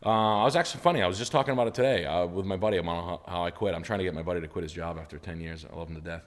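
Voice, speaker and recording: A man's voice: sits low, very fast, in a large hall. A man telling funny work stories on a live stream, acting out the voices of the people in them and swearing freely. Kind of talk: casual storytelling chat.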